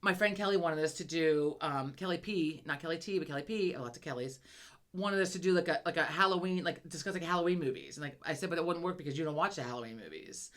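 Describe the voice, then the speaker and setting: A woman with a New England accent, co-hosting a casual chat podcast, rambling with quick asides and casual swearing. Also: low-pitched, fairly bright tone. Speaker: podcast co-host.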